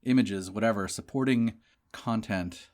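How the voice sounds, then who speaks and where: A man's voice: lowish voice, measured pace, darkish tone. A young man co-hosting a casual podcast chat, wry and joking, drifting into rambling asides. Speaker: podcast co-host.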